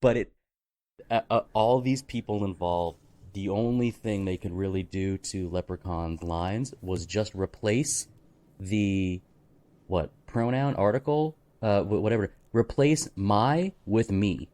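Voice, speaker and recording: A man's voice: fairly low pitch, measured pace, dark tone. A man co-hosting a movie podcast, talking casually with many fillers and restarts. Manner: rambling, full of fillers and restarts, reads out phrases. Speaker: podcast co-host.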